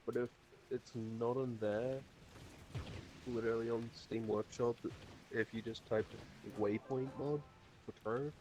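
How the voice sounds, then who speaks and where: A man's voice: mid-range voice, steady tone, measured pace, a little mellow, slight background noise. A man chatting casually with friends over a game, joking and offhand. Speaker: gaming friend. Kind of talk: casual chat.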